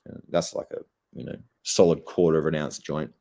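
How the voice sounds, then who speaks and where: Australian man, stoned, very low voice, dark mellow tone, rambling, swearing, laid-back livestream chat. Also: fairly even intonation, a little fast. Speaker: streamer.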